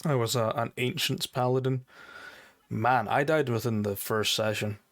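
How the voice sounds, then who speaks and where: A man with a Scottish accent, a game master chatting casually about running games, relaxed and self-deprecating, with casual swearing. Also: mid-range voice, moderate pace. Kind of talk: casual chat.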